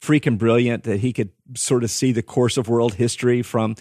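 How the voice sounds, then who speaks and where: A man co-hosting a history talk show, animated and chatty, reading out a passage. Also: mid-range voice, normal speed, dry recording, clean studio sound. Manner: animated, reads quotes aloud. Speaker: history podcast co-host. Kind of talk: conversational history discussion.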